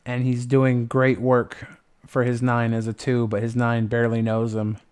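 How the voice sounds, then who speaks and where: A man's voice: medium pitch, monotone, normal speed, darkish tone, clear, resonant tone. A young man hosting a livestream, chatting casually in a rambling, playful way with lots of swearing. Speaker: livestream host.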